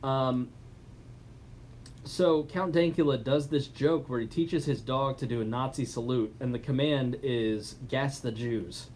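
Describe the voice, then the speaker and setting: A man co-hosting a podcast in casual chat. His voice sits at an ordinary middle pitch. He talks loosely, stumbling into fillers and restarts. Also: steady tone, measured pace, darkish tone, a little hiss or hum. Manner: chatty, with frequent restarts and fillers. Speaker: podcast co-host.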